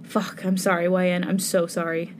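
A woman's voice: on the low side, flat delivery, normal speed, a little hiss or hum, lightly acted. Woman reading as a brooding jealous young man. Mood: remorseful. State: hoarse.

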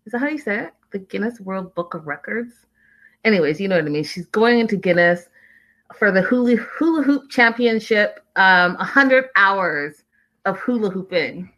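A woman's voice: medium pitch, animated, normal speed, a bit bright, poor audio. A woman hosting a casual recap, chatty and opinionated, with lots of "like"s. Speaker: reality show recap host.

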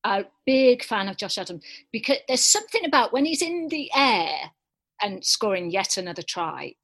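A woman's voice: mid-range voice, very animated, normal speed, a bit bright, slightly rough. A woman chatting on a call from her bed, teasing and laughing easily. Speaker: guest quiz setter. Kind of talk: casual chat on a call. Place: at home in bed.

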